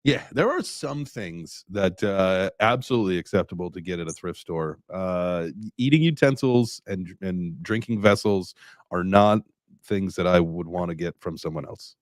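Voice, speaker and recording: A man's voice: low-pitched, normal speed, no echo, clean studio sound. A man hosting a casual podcast chat, easygoing with trailing fillers. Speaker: podcast host.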